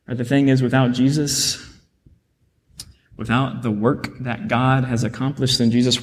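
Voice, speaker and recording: A man's voice: mid-range voice, flat delivery, a little slow, in a large hall. A man giving a Bible study sermon as minister, reading scripture aloud with rising emphasis and repeating phrases for stress.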